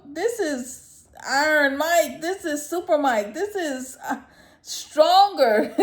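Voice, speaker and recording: High, animated woman in an echoey room. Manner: exclamatory and incredulous, laughs often between phrases. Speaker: vlogger. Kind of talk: casual commentary to camera.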